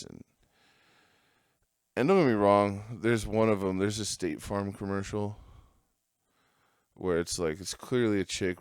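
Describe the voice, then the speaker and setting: A man's voice: sits low, no room sound, clean studio sound. A man hosting a podcast, telling a rambling, profane story in a casual monologue and laughing at his own jokes. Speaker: podcast host.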